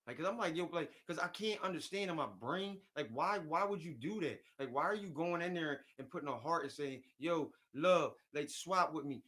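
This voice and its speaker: A man's voice: on the high side, a bit bright. Man, livestream host, rambling and repetitive, fed-up tone, reads chat aloud, casual talk.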